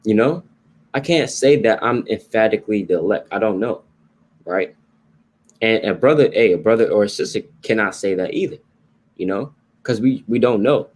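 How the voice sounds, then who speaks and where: A man's voice: fairly low pitch, lively intonation, normal speed, a little mellow. A man teaching the Bible in a conversational sermon style, informal and repetitive, often checking in with "right?" and "you know". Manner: informal, repeats points, tags lines with "right?" and "you know".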